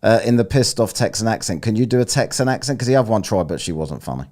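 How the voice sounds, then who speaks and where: A man's voice: fairly low pitch, lively intonation, quick pace, darkish tone. A man streaming, chatting crudely and teasing an AI companion. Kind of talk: casual chat.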